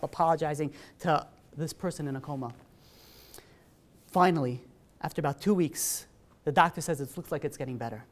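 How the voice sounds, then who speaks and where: A man giving a sermon as a rabbi, telling a story in a lively way with many fillers. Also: on the high side, moderate pace. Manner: animated, acts out dialogue, many fillers.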